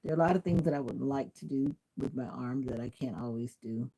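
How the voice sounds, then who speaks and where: A woman's voice: a bass voice, brisk, mellow, low-quality recording. A woman from Jamaica chatting casually on a livestream, answering viewers' comments and laughing often. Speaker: livestream host. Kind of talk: casual live-stream chat.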